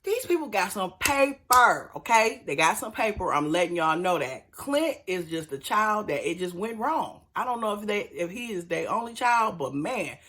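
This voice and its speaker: A woman's voice: medium pitch, a bit bright. A woman hosting casual recap commentary, chatty and emphatic, talking straight to her viewers.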